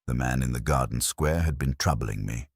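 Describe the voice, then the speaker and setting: A man narrating a mystery story in the first person, measured, wry and formal. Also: a bass voice, husky, dry recording, studio quality.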